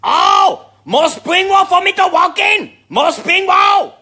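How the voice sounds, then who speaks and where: A man's voice: very high-pitched, sing-song, slow, sharp tone, shouting, pitched above the performer's own voice, full character voice. A man doing a shrieking restaurant lady. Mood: excited. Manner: shrieking broken English. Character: shrill excited woman restaurant server.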